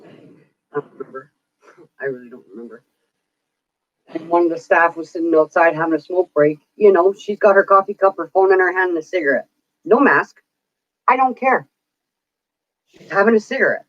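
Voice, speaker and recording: A woman's voice: lowish voice, animated, normal speed, long pauses, dry recording. A woman vlogger venting in casual chat, swearing freely as she rants. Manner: profane, venting rant. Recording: dull, dry lo-fi recording.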